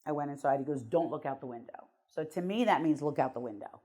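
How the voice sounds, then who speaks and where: A woman's voice: deep voice, quick pace, dark tone. A middle-aged woman, a guest on an interview show, telling her life story bluntly and emotionally, with some swearing.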